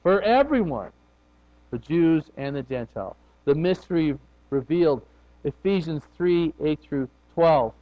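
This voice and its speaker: A man preaching a conversational sermon, his voice rising and falling in loudness and pitch as he speaks. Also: lively intonation, measured pace. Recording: dull lo-fi recording.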